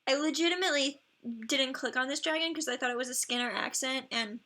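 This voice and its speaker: A woman's voice: sits high, fast, pushed and bright. A woman streamer in casual live-stream commentary, chatty and effusive, gushing praise and laughing often between remarks.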